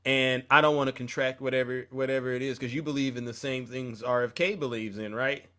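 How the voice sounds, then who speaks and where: A man's voice: mid-range voice, fairly even intonation, a little fast, fairly bright tone. A man co-hosting a casual political talk show, talking in an emphatic way with exclamations and repeated words. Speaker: co-host.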